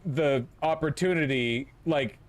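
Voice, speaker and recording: A man's voice: on the high side, measured pace. A man hosting a livestream, giving casual political commentary in a rambling, incredulous and profane manner with many filler words. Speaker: livestream host.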